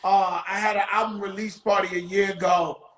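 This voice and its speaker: A man's voice: high voice, flat delivery, a little fast, fairly bright tone, reverberant, low-quality recording. A man hosting a casual interview, brash and swearing freely, talking hype. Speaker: host.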